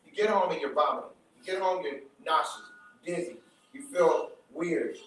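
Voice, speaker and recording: Man lecturer, high-pitched, punchy and repetitive, live room sound with heavy echo. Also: moderate pace, a bit bright, a little hiss or hum. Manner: emphatic, repeats points, checks in with the crowd. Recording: very echoey room, mic from far off.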